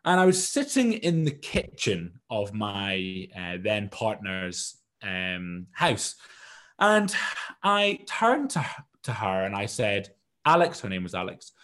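A man's voice: on the low side, very animated, slow, fairly bright tone. A man from the United Kingdom, a guest entrepreneur, telling his story in a self-deprecating, rambling way. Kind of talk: casual storytelling in an interview.

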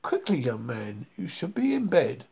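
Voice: medium pitch, huge pitch swings, unhurried, gravelly, darkish tone, breathy edge, exaggerated voice. A reader voicing a caring mother mole in a rhyming children's story, motherly and coaxing.

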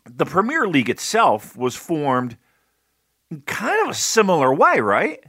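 Lively, just-woken-up North American man. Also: on the high side, a little slow, no room sound, clean studio sound. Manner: animated, rambling, many restarts. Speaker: podcast co-host. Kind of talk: casual chat.

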